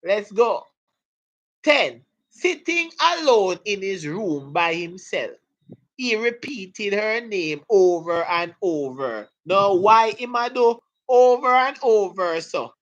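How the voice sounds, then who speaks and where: A woman's voice: mid-range voice, big pitch swings, slow pace, highs cut off. A woman teaching a live exam prep lesson, joking and laughing with her students as she goes. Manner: playful, laughing, hypes up students.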